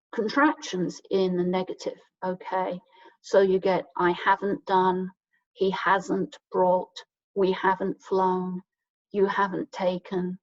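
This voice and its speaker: A woman teaching English grammar to learners, patiently explaining and often checking understanding with "okay?", and reading example sentences slowly. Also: medium pitch, a little mellow, dry recording. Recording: dull, distant mic in a dry room.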